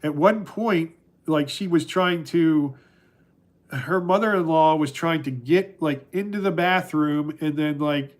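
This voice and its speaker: A middle-aged man hosting a casual livestream, talking through chat questions in a rambling, halting way with many restarts. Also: fairly high pitch. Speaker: livestream host answering chat.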